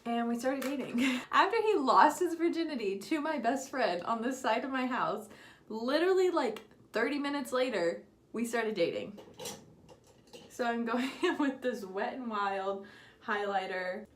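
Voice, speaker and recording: A woman's voice: on the high side, expressive, unhurried, roomy sound. A young woman casually telling a story while doing her makeup, candid and giggly, swearing freely. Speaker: beauty vlogger.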